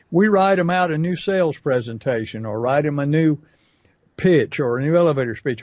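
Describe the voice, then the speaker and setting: Man, folksy storyteller, slightly high voice, dry muffled sound. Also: a little mellow, no echo. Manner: folksy storytelling with acted asides. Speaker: podcast co-host and business coach. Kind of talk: casual podcast talk.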